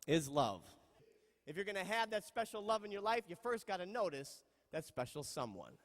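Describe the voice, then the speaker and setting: A man's voice: sits high, very animated, moderate pace, roomy sound, big-room sound. A man giving a motivational storytelling speech, dramatically acting out the people in his story. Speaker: motivational speaker.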